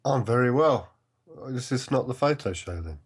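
Wry husky panel guest. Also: male voice, mid-range voice, lively intonation, moderate pace. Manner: wry, dry humour, opinionated. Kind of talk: casual panel chat.

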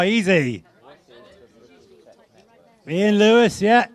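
A man hosting a live tech meetup game, excitable and laughing, with quick countdowns. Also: sits high, no echo, some chatter behind. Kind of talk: lively game-show style hosting.

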